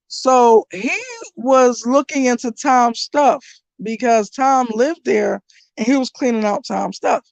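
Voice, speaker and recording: A young woman talks through a soap opera plot in loose, blunt chat, throwing in slang and curses. Her voice sits a little high, and she trails off and restarts when a name escapes her. The sound is dry, with no room around it. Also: no room sound, highs cut off. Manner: rambling, blunt, casual slang with swearing; loses track of names, restarts. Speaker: channel host recapping a soap opera. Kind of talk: casual chat.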